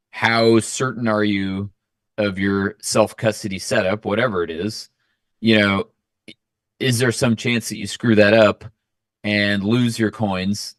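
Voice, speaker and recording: Low-voiced man explaining in a dry recording. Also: no room sound. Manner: thoughtful, measured explanations. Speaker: guest. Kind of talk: casual chat.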